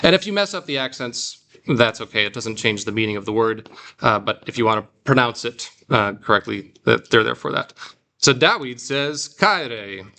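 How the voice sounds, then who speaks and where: A man teaching a classroom, drawing out phrases slowly for the class to repeat. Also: medium pitch, lively intonation, vocal fry, bright, forceful tone. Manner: slow, drawn-out model phrases for repeating. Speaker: Greek teacher.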